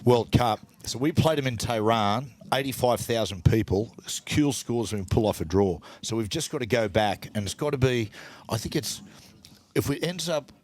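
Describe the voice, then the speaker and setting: A middle-aged Australian man, a podcast co-host, telling lively anecdotes and putting on voices for the people in them. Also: mid-range voice, normal speed. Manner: animated anecdotes with put-on quoted voices. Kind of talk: casual storytelling chat.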